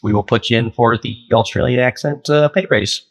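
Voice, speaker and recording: A man co-hosting a podcast in casual chat, with dry, relaxed banter. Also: mid-range voice, brisk, creaky. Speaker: podcast co-host, the other's boss.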